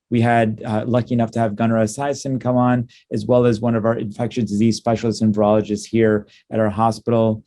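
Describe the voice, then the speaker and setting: A man, a clinician, giving a conference talk, halting with many ums and uhs, upbeat in tone. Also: medium pitch, flat delivery, warm tone. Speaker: cystic fibrosis clinician presenting at a conference.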